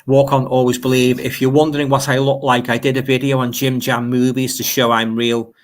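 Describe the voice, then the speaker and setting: A man with a Liverpool accent and a medium-pitched voice hosts a casual livestream, talking a little fast with a flat delivery. He reads out comments from his viewers and wanders through his chat, repeating words often.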